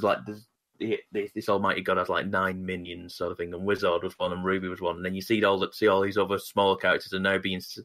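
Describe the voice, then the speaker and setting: A man's voice: deep voice, a bit bright. A man co-hosting a podcast, chatting casually and rambling with many restarts and fillers. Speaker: podcast co-host. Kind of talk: casual chat about comics.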